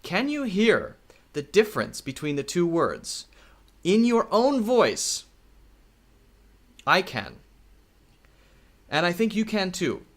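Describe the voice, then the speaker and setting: Lively, patient male English teacher. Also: high-pitched. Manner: slow, repetitive, checks in with "okay?". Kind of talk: recorded video lesson.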